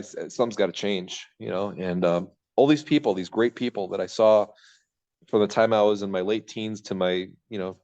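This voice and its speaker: A podcast guest from Michigan in his thirties speaks with a fairly low, darkish voice, candidly telling his own story. He wanders and cuts himself short as he acts out old thoughts, and the recording has a dull lo-fi sound.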